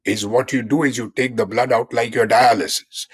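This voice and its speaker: A man's voice: medium pitch, fairly even intonation, normal speed, husky. An older man in his seventies, a physician guest in a conversational interview, who explains in an earnest way and repeats key terms.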